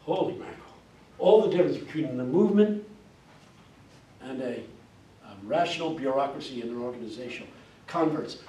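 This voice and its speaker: An older man giving a passionate classroom lecture, breaking into song snippets and rising to near shouting. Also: mid-range voice, expressive, fairly quick, pauses often. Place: university classroom. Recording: echoey classroom miked from a distance.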